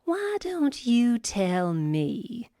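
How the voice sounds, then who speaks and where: An actress playing a suspicious wife in an audio drama, speaking in an indignant, measured way. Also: female voice, fairly high pitch, huge pitch swings, dark tone, no room sound, studio quality, heavily acted. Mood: wary. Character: suspicious wife snooping on her husband.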